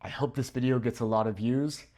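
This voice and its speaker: A man's voice: medium pitch, fairly even intonation, fairly quick, dark tone. A young man teaching a Spanish vocabulary lesson at a whiteboard, upbeat and playful, with a laugh at his own jokes. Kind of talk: video language lesson. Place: room with a whiteboard.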